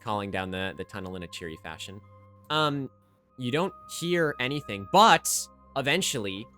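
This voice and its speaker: Animated man running a tabletop game. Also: mid-range voice, moderate pace, soft background music. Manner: animated, many ums. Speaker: game master. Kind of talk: narrating a live tabletop game.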